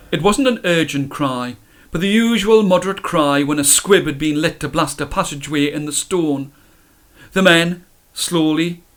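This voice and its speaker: Man reading a story aloud. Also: a little high. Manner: measured, expressive storytelling.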